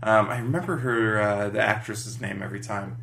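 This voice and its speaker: A man's voice: fairly low pitch, a little fast, vocal fry, a little hiss or hum. Laid-back man recapping a show. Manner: relaxed, filler-heavy, laughing. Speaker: podcast co-host. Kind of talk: casual chat recapping a TV episode.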